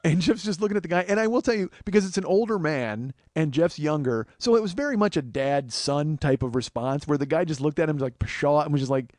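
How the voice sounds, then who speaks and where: A man in his forties telling a profane comic story on his own show, animated and acting out every quote. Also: on the high side, brisk, few pauses, dry recording. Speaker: comedian host.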